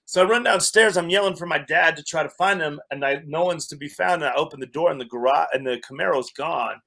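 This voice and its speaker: A man's voice: a little high, quick pace, gravelly, pushed and bright. A man telling a long personal story as a podcast guest, wry and self-mocking, often laughing at himself. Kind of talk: storytelling in a casual chat.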